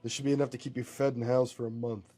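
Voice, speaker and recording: A man voicing a gruff older bounty hunter who talks slowly and evenly. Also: medium pitch, flat delivery, warm tone, lightly acted.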